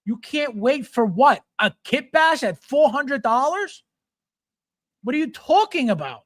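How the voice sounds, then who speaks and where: A man's voice: very high-pitched, sing-song, measured pace, no echo, studio quality. A middle-aged man hosting a live chat show, ranting bluntly, mocking fans in put-on voices, and swearing freely. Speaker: host.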